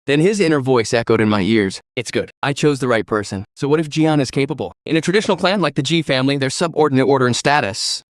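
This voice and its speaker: A man's voice: medium pitch, expressive, fast, few pauses, no room sound. A man narrating a first-person story recap, reading every character's lines in his own voice.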